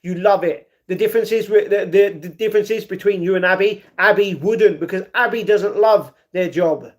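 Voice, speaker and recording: A man live-streaming who reads his viewers' chat aloud and argues back, with excited reactions to a fight he is watching. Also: sits high, moderate pace. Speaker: livestreamer. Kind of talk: casual livestream chat.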